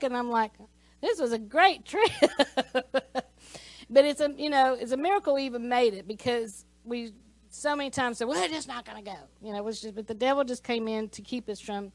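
A woman's voice: sits high, dry recording, rough recording. A woman teaching a Sunday school class, telling a personal story in a conversational way with many asides. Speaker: church teacher.

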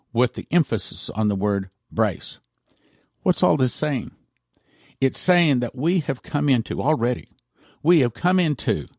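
Man, pastor, broadcast sermon, emphatic, repetitive, dry, average pitch. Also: darkish tone, no room sound.

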